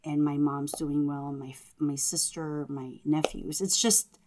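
A woman who is a Catholic religious sister and teacher, telling her story in an interview in an animated, earnest way. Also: low-pitched, unhurried, noisy background. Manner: animated, earnest, acts out family members' lines.

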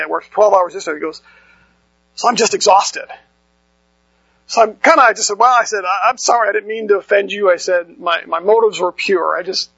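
A man's voice: high-pitched, fairly bright tone, breathy edge, no room sound, lo-fi sound. A male pastor preaching a sermon in a conversational, storytelling way, acting out bits of dialogue.

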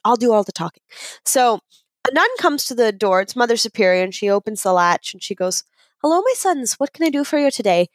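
Higher-voiced woman telling a joke. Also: no echo. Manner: playful, animated storyteller. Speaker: podcast co-host. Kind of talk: casual chat, telling a joke.

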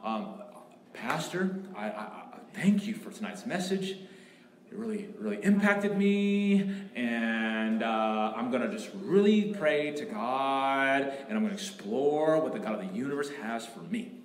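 A man's voice: medium pitch, animated, lightly acted. A man voicing a hesitant churchgoer who stammers politely to dodge a commitment. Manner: halting, stammering, overly polite. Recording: echoey room.

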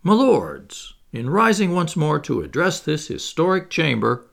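A man's voice: a little high, wildly swooping pitch, unhurried, vocal fry, pitched above the performer's own voice, heavily acted. A man reading the part of a haughty, stiff older nobleman in a play. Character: older male aristocrat, haughty, fussy.

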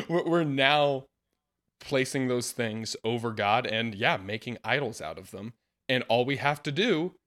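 Earnest man hosting a faith podcast. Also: mid-range voice. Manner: earnest, laughs often, animated when quoting. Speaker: podcast host. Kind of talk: casual podcast discussion.

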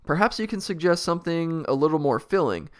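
A man doing a roaring, excitable humbug bug. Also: a little high, a little fast, pitched above the performer's own voice, close to an everyday voice. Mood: blustering. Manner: roaring, eager announcements. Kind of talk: reading a storybook aloud.

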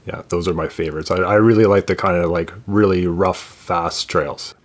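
A man's voice: low-pitched, steady tone, moderate pace. A man speaking in a matter-of-fact, understated way in a casual interview.

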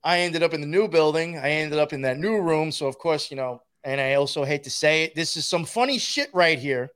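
Male guest, rough-mouthed and rambling, voice sitting a little high. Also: a little fast, a bit bright. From New York. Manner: profane, rambling, laughs while telling. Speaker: guest telling a story. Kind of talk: casual storytelling.

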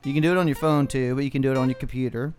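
A man's voice: mid-range voice, fairly even intonation, rapid-fire, darkish tone, soft background music. A man co-hosting a podcast, chatting in a laid-back way. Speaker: podcast co-host. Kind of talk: casual podcast chat.

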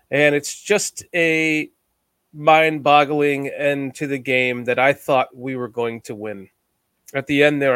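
A man's voice: mid-range voice, fairly bright tone, no room sound. A man from the United States hosting a casual sports podcast, chatty and rambling, with a self-deprecating streak. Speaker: podcast host.

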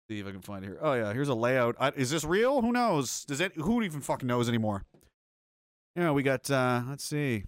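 A man's voice: a little high, fairly bright tone, dry recording. A man commentating on news clips in a profane, sarcastic, angry rant. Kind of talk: ranting video commentary.

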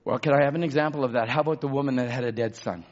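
A pastor preaching a sermon. He drops to a murmur, then shouts for emphasis and calls out to the congregation for amens. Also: very fast, lo-fi sound. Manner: swings between low murmurs and loud shouted emphasis.

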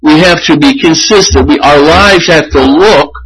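A man preaching a sermon as pastor, earnest and measured, often restarting his phrases. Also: fairly high pitch, fairly bright tone, breathy edge, rough recording.

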